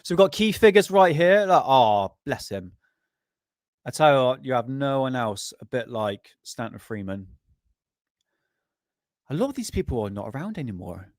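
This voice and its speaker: A man's voice: medium pitch, very animated, normal speed, pauses often, no room sound, studio quality. A middle-aged British man hosting a casual livestream, reading aloud from an old magazine in a rambling, joking way with crude asides and chuckles. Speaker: livestream host.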